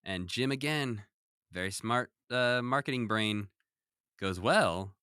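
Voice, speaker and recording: A man's voice: medium pitch, a little slow, pushed and bright, clean tone, dry recording, clean studio sound. A man co-hosting a podcast, recapping a cartoon episode in casual chat and acting out quoted lines. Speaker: podcast co-host.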